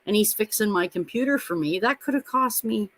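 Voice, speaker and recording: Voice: mid-range voice, animated, fairly quick, a bit bright. Rambling, profane middle-aged storyteller. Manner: rambling, profane storyteller who laughs often. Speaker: co-host of a live sports watch-party stream. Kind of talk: casual chat.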